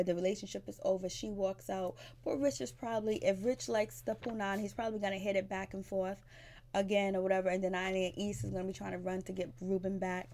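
A woman's voice: medium pitch, darkish tone. A woman, casually recapping a reality show, blunt and gossipy, acting out the cast's lines in sassy voices.

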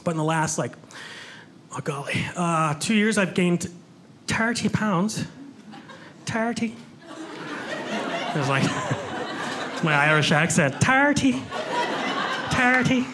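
A young male stand-up comic rambles through self-mocking bits on a club stage, often restarting his sentences. His voice sits fairly high for a man. A handheld mic catches clear room ambience around him. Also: expressive, takes it slowly, long pauses, sharp tone, a faint crowd, a little hiss or hum. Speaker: stand-up comedian. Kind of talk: stand-up comedy. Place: comedy club stage, indoors.

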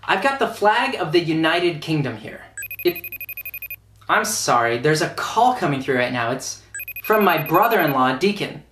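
An American man hosting a science lesson for kids, telling stories in a friendly, animated way. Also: fairly high pitch, moderate pace, slight background noise. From United States. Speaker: educational show host.

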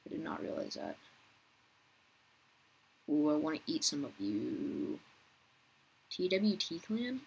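A young woman giving casual gameplay commentary, chatty and talking to viewers and other players, her voice rough as she keeps clearing her throat. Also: deep voice, big pitch swings, slow, pauses often, a little hiss or hum, rough recording. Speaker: gaming youtuber.

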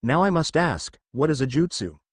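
A proud, wise old dragon speaks slowly and formally, as a man voices him. He sounds calm and dignified, lending a lively lilt to his storybook reading. The audio is dry and close. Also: on the high side, breathy edge, dry recording.

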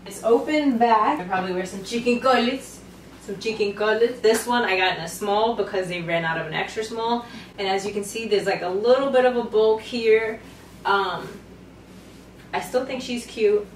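A young adult woman chatting playfully through a clothing try-on haul, with sassy slangy asides. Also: mid-range voice. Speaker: fashion vlogger. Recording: roomy, mic far off, faint noise.

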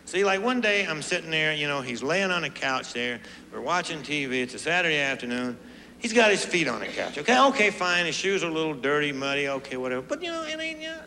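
Animated middle-aged male stand-up comic. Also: fairly high pitch, fairly quick. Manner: animated, acts out voices. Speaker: stand-up comedian. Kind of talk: stand-up routine. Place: comedy club stage. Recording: roomy live club recording with crowd and noise. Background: laughing audience.

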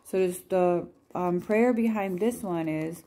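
Woman, low-ish mellow voice; casual devotional chat, reads prayers slowly and gently. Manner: gentle, apologetic, laughs at herself. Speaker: Christian vlogger sharing scripture cards.

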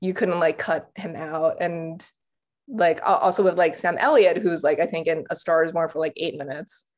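Young woman, lowish voice, loose chatty awards pundit, filler-heavy. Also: fairly even intonation, moderate pace, a little mellow. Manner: chatty, lots of "like" and restarts, laughs easily. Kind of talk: casual panel discussion.

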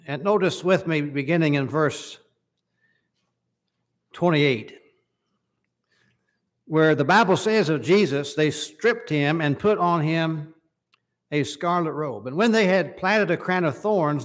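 A man's voice: on the high side, unhurried, pauses often. A man preaching a sermon in a church service, reading scripture passages aloud and asking the congregation questions. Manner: reads scripture aloud in King James wording, asks the hearers questions.

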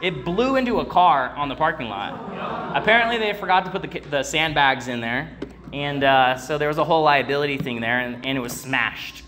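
A man's voice: a little high, moderate pace. A young man preaching to a congregation. He tells a personal story in a rambling way, with many fillers and restarts, and calls out to the crowd. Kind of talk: church sermon with personal story.

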